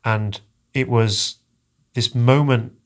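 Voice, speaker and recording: A man telling a personal story as a podcast guest, halting and earnest, often repeating his words. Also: medium pitch, steady tone. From England.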